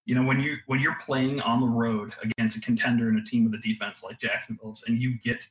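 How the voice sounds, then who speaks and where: A man talking as a guest analyst on a casual sports podcast, wry and quick to laugh. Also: mid-range voice, level tone, reverberant, poor audio.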